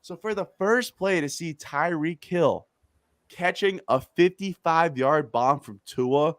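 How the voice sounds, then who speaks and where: A man in his thirties hosting a casual sports chat, excitable and animated, breaking into quick bursts of excitement. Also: fairly high pitch, no room sound, studio quality. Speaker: podcast host.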